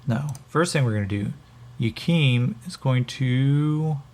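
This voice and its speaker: A man narrating a solo tabletop game as game master, thinking aloud, halting and swearing as he rolls. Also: medium pitch, a little mellow.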